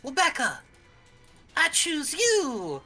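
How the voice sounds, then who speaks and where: Small excitable baby creature, squeaky and very high. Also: takes it slowly, faint music behind, full character voice. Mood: eager. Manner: squeaky and eager. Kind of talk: tabletop role-play.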